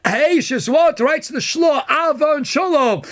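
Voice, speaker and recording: A man, a rabbi, giving a Torah lecture in an impassioned style, often raising his voice to a shout and acting out quoted voices. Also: very high voice, unhurried.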